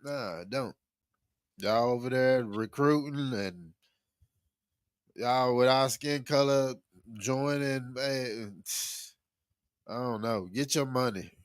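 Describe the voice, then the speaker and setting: A young man co-hosting a podcast in a laid-back way, chuckling and tossing in quick agreeing replies. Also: medium pitch, dry recording. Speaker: podcast co-host. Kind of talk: casual podcast chat.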